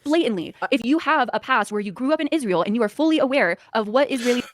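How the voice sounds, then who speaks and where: A woman's voice: fairly high pitch, expressive, fast talker, dry recording. A woman in a podcast discussion who talks hesitantly, with many fillers, restarts and nervous laughs.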